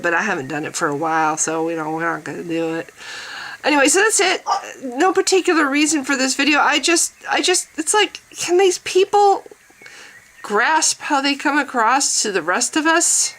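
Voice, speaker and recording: A woman's voice: a little high, animated, normal speed, a bit bright, rough recording. A middle-aged woman talking bluntly and profanely in a casual vlog monologue, laughing often. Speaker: vlogger.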